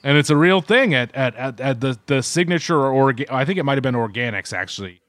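A man's voice: medium pitch, lively intonation, fast, fairly bright tone, no echo. Rambling man reviewing food. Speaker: podcast co-host. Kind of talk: casual chat.

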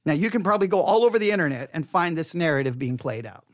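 A man's voice: a little high, expressive, fast talker, no room sound, studio quality. A man giving an impassioned opinion monologue, mockingly repeating slogans over and over. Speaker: commentator.

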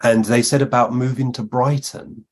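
A man's voice: medium pitch, little pitch movement, moderate pace. A man, a guest medium, telling long anecdotes in conversation and acting out the lines of the people he quotes. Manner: narrates at length, acting out the speakers he quotes.

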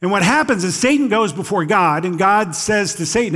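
A middle-aged man preaching in a fairly high voice. He keeps it conversational and often checks in with "right?" His tone is easygoing, like he is talking with the congregation. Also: lively intonation, normal speed, few pauses, fairly bright tone. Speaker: pastor. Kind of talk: sermon.

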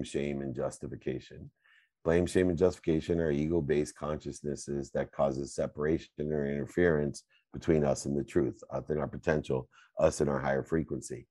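Very deep-voiced fervent middle-aged man. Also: dry recording, studio quality. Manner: fervent, preachy, swings between loud and soft. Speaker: host and coach. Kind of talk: motivational Q&A answers.

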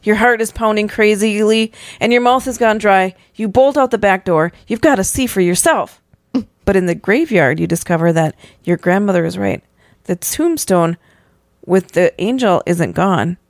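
A woman's voice: moderate pace, no echo, studio quality. A woman hosting a podcast, reading a spooky choose-your-own story aloud with playful dramatic emphasis. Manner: reads with playful dramatic emphasis, pitching up for the child's lines. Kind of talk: animated story reading with voiced characters.

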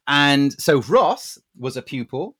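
A man's voice: mid-range voice, sing-song, slow, a bit bright. A man co-hosting a podcast, chatting casually with playful, mock-pompous teasing. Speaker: podcast co-host. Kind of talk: casual chat.

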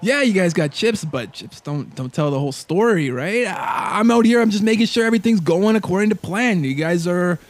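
A man voicing a tiny, nervous male tail agent who talks in excitable bursts. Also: sits high, brisk, few pauses. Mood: chummy.

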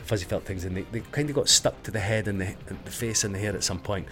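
A man with a Scottish accent, a hairstylist guest on a podcast, telling backstage stories in a casual, animated way, with plenty of swearing and fillers. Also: lowish voice, fast talker. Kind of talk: casual storytelling.

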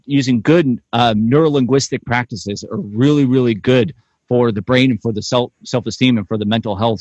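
Guy on a video call podcast, pumped-up motivational talk, dry sound, normal pitch. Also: no room sound, highs cut off. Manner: emphatic, motivational. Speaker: podcast guest. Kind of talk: casual podcast chat over video call.

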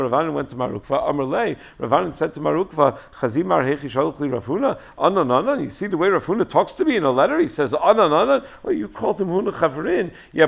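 Man, Talmud lecture, gravelly voice, animated storytelling, muffled lo-fi recording. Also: on the high side. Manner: animated storytelling, acting out dialogue, frequent fillers. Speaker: Talmud teacher. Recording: dull lo-fi recording.

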